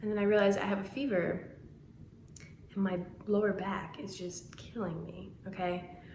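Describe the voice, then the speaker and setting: A woman in her twenties telling a story to her vlog audience in a chatty, animated way. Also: mid-range voice, moderate pace, background noise. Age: 20s. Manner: chatty, animated, laughing through the retelling. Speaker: vlogger. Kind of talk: casual storytime. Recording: echoey room.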